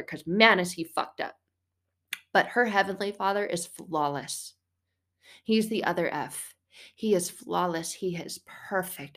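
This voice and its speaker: A middle-aged woman hosting a casual faith podcast, chatty and animated, laughing now and then, swearing at times and acting out little quotes. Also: fairly low pitch. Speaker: podcast host.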